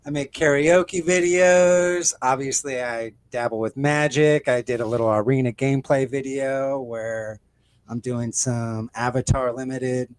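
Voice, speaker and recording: A man guesting on a casual live stream, easygoing and quick to agree. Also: medium pitch, fairly even intonation, clean tone, no echo. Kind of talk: casual chat.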